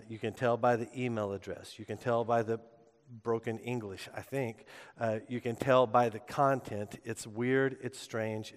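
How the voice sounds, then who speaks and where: A man's voice: mid-range voice, in a large hall. A man preaching a sermon as pastor, in a conversational storytelling way with frequent filler words. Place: church sanctuary.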